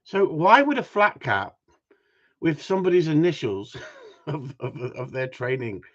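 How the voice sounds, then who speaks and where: A man's voice: a little high, very animated, a little slow. A man, hosting a casual live stream, reading out viewer comments and teasing his audience with jokes and mild swearing. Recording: dull lo-fi sound.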